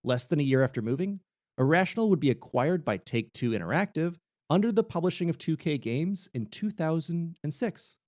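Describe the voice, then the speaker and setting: Animated man co-hosting a gaming podcast. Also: on the high side, brisk. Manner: jokey, playful, animated. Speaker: podcast co-host. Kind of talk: casual gaming podcast chat and reading of history notes.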